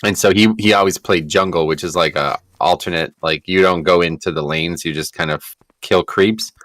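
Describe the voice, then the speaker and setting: A man streaming a game, telling a rambling story in an animated, casual way and swearing freely. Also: deep voice, moderate pace, dry recording.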